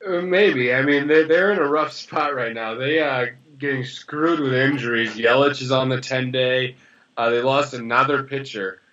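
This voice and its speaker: Male podcast co-host, blunt and sarcastic, sharp bright tone, recorded with muffled lo-fi sound. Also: mid-range voice, moderate pace. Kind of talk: casual chat. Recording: dull lo-fi sound.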